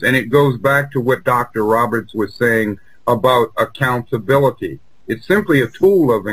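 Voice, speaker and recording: A man co-hosting a political talk show, speaking earnestly with frequent halting restarts. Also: mid-range voice, fairly bright tone, husky, rough recording. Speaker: co-host.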